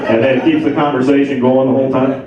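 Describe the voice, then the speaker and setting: A man's voice: mid-range voice, little pitch movement, rapid-fire. A man in his thirties from Ohio doing a rambling stand-up set, working up to exasperated rants. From Ohio, USA. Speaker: stand-up comedian. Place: comedy stage at a charity show, live audience. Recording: echoey, distant, dull room recording.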